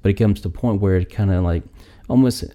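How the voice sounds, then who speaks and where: A man with a very deep voice thinks aloud in a casual faith discussion. His tone is dark and mellow. He rambles through long sentences and murmurs agreement while his partner talks. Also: quick pace.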